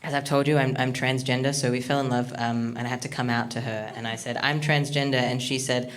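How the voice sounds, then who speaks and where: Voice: medium pitch, level tone, a little fast. A stand-up comedian doing a rambling, awkward, self-deprecating set with lots of ums, from Australia, recorded on a comedy studio stage.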